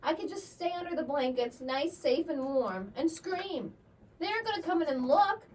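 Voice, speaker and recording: A woman's voice: sits high, expressive, moderate pace, darkish tone. A young woman co-hosting a podcast in a playful, giggly manner, reading aloud from an article and chatting casually. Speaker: podcast co-host. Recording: slightly distant mic with faint background noise.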